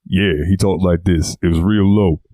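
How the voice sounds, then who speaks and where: A man voicing his tabletop game character, a gruff adventurer who talks low and keeps it short. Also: fairly even intonation, normal speed, warm tone, no room sound, clean studio sound, lightly acted. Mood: curt.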